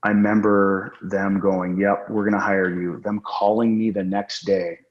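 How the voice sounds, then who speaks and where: A man's voice: fairly low pitch, little pitch movement, unhurried. A man telling rambling, profane anecdotes as a guest in a casual interview. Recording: roomy, dull lo-fi sound.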